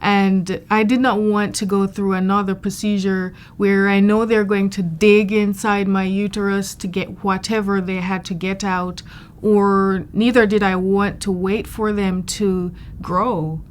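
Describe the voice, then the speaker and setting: A woman's voice: mid-range voice, flat delivery, a little slow, slight background noise. Frank woman sharing a personal story. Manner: frank, personal and matter-of-fact. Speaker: patient giving a testimonial. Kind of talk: candid testimonial interview.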